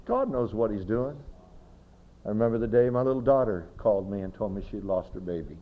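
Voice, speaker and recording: A man's voice: on the low side, lively intonation, a little fast, muffled recording. A male pastor preaching a sermon, telling personal stories emphatically and speaking straight to his listeners. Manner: emphatic storytelling, direct address to listeners.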